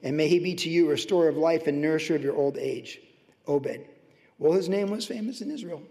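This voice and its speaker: A man preaching a sermon as pastor, passionate and swinging between loud outbursts and hushed asides. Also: on the high side, brisk, in a large hall. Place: church sanctuary.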